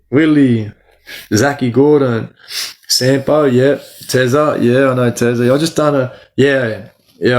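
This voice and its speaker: This livestream host is a middle-aged Australian man with a medium-pitched, darkish voice. His talk is slangy and peppered with "bro" as he greets and answers chat members by name.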